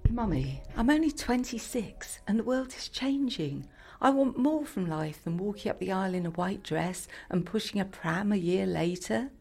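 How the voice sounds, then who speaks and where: A woman's voice: medium pitch, expressive, normal speed, vocal fry, darkish tone, slightly rough, voice pushed up. A woman voicing a spirited twenty-six-year-old woman, wry and exasperated.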